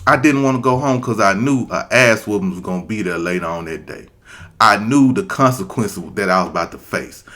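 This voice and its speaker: A man telling a comic story from his childhood, profane and animated, acting out the people in it. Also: sits low. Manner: profane, animated, acts out characters. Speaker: comedian storyteller.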